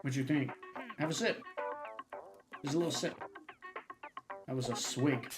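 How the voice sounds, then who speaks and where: A man's voice: mid-range voice, unhurried, long pauses. A man streaming a cozy game, chatting casually and reading its text aloud. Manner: relaxed, chatty, talks to the game. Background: game music.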